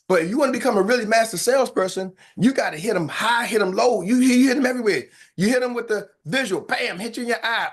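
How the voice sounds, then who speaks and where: A man with an American accent coaching salespeople on a live call, playful and animated, acting out lines and sound effects. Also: extremely high pitch.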